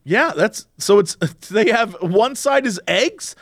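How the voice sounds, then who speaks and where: Man, high voice, lively swooping pitch, excitable, casual podcast chat. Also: slow, no echo, studio quality. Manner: excitable, swearing, puts on mock voices. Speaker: podcast co-host.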